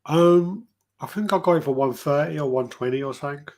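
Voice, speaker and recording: A man hosting a podcast, rambling through profane, casual stories with quick asides. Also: on the high side, a little mellow. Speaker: podcast host. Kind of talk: casual chat.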